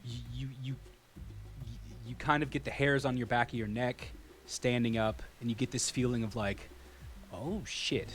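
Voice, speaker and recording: A man narrating a tabletop game as game master, describing scenes in detail and often pausing with fillers. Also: medium pitch, little pitch movement, a bit bright. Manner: descriptive with frequent fillers and restarts.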